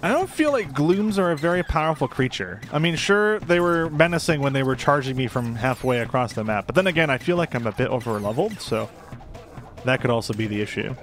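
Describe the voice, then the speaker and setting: A young man talks through his gameplay in a loose, chatty way, full of rambling asides and jokes at his own expense. His voice sits at an everyday middle pitch, with faint music playing underneath. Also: lively intonation, fairly quick, a bit bright. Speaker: gameplay commentator. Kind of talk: casual gameplay commentary.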